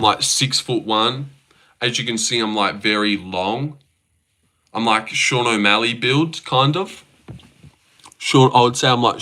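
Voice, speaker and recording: A young man with a bright, forward voice talks casually on a livestream. He reads viewers' comments out loud and answers them with easygoing, joking banter. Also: mid-range voice. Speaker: livestream host. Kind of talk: casual live-stream chat.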